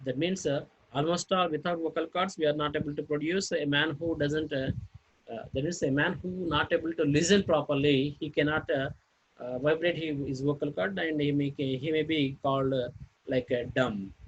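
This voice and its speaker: A man teaching a phonetics lesson, spelling out words letter by letter and pausing often on fillers. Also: fairly high pitch, fairly even intonation, husky, highs cut off. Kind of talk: phonetics lecture.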